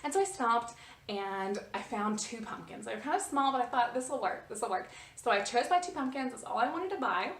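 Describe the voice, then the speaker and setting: A woman vlogger telling a personal story in a casual, animated way, often restarting her sentences. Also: a little high, a little fast, roomy sound, far from the mic. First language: English. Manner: animated, restarts often, rises when reliving the scene.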